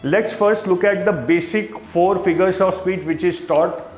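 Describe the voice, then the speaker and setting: Indian guy teaching a class, a bit high voice, roomy echo, faint music behind. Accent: Indian English. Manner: explains slowly with repetition, mixing in Hindi asides. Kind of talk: classroom lecture.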